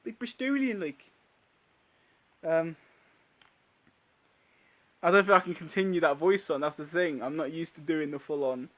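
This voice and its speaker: Man, high pitch, sore throat, unwell, laughs a lot, rambling live Q&A chat. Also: moderate pace, pauses often. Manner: laughs often, trails off and restarts. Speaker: channel host.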